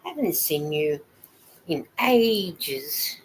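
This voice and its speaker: Low-voiced woman chatting live. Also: sing-song, slow pace, poor audio. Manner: chatty and rambling, greeting viewers and reading their comments aloud. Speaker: knitting vlogger hosting a live stream. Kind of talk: casual live-stream chat.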